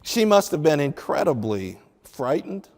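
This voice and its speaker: A man preaching slowly and deliberately, with a fairly high voice. He teaches from the Bible and acts out the dialogue of the people in the story with feeling. A long reverb of a large hall trails after his words. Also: big pitch swings, a little mellow. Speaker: pastor. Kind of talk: sermon.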